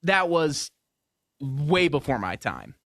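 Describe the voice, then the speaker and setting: A young man co-hosting a local sports radio show, agreeable and casual, with halting restarts. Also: a little high, big pitch swings, a bit bright, no echo, studio quality.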